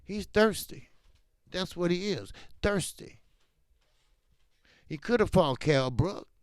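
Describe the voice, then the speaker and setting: Slow speech in a voice that sits high, recorded at studio quality with no room sound. The speaker hosts a casual boxing commentary livestream and talks in an animated, emphatic way, slipping into slang.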